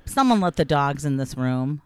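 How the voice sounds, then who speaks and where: Lively, chatty woman podcast co-host. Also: low voice, normal speed, clear, resonant tone, no echo, clean studio sound. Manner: chatty, laughs easily. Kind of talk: casual banter. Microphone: studio microphone.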